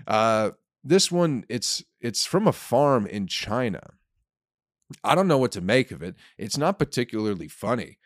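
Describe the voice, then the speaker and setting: Animated, profane male comedian podcast host. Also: fairly low pitch, no echo, clean studio sound. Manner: rambling, profane, acts out hypothetical scenes. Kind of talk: casual monologue.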